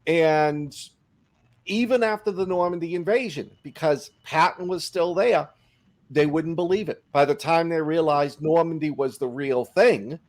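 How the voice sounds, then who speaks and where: A middle-aged man co-hosting a podcast, telling anecdotes in a casual, animated way. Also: on the high side, a little slow. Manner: animated anecdote-teller, acts out quotes. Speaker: podcast co-host. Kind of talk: casual storytelling chat.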